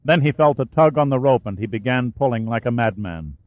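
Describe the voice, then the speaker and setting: A man narrates an audiobook in a steady, even voice at a middle pitch. The sound is narrow like a phone line and bone dry, with no room in it. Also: brisk, no room sound. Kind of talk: scripted narration of a war thriller.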